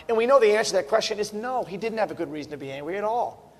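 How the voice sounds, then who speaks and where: A man preaching a sermon in a church, fervent and repetitive, building to near-shouting at its peaks. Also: high voice, expressive, racing. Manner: fervent, repeats words, rises to near-shouting. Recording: long reverb of a large hall.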